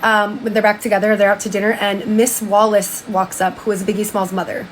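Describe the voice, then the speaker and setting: A woman's voice: mid-range voice, little pitch movement, brisk, a little hiss or hum, poor audio. Chatty, slangy woman vlogger. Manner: slangy, profane, chatty with many "like"s. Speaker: commentary vlogger. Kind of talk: casual retelling and commentary.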